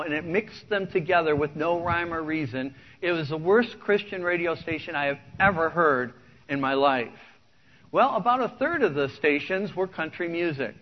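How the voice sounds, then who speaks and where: A pastor preaches to his church in an earnest, chatty way, stumbling over and repeating his opening words. His voice is a man's, sitting a little high. The recording is dull and lo-fi. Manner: earnest, conversational, with stammered restarts. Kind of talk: sermon.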